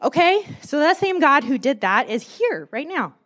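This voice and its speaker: A young adult woman delivers a casual, chatty sermon as a church speaker, her high voice moving at normal speed. She's animated and self-deprecating, laughing often.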